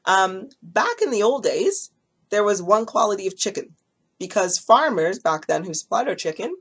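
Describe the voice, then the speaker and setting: A woman's voice: medium pitch, husky. A woman who runs a hair extension business, chatting casually to camera and telling a story with lots of ums and acted-out quotes. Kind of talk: casual talking-head vlog.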